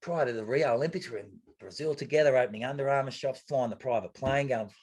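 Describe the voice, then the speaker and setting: An Australian man spins a story in a relaxed podcast chat, his voice slightly husky and his delivery lively. He jumps into other people's voices as he retells the scene. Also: mid-range voice, quick pace. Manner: animated, acts out quoted voices, swears casually. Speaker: guest, retired triathlete. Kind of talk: casual storytelling interview.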